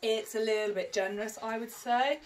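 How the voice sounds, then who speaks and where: A woman who owns a boutique, talking casually through a dress try-on. Her voice sits a little high, and she rambles, filling pauses with ums and poking fun at herself. Faint music plays in the background. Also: steady tone. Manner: chatty, rambling and self-mocking, lots of ums. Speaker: boutique owner. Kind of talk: casual fashion try-on vlog.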